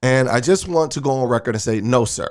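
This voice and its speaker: A man's voice: mid-range voice, brisk, darkish tone. A man who is a minister hosting a commentary show, reacting to clips in an emphatic, preachy way. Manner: preachy and emphatic, uses sports metaphors. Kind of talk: commentary on a video clip.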